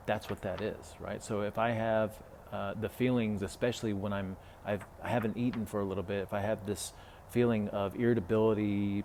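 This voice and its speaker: A man speaks casually as a health coach on a podcast, retelling a conversation with a client full of fillers and asides. His voice is lowish and a little mellow, with a slight hiss or hum in the recording.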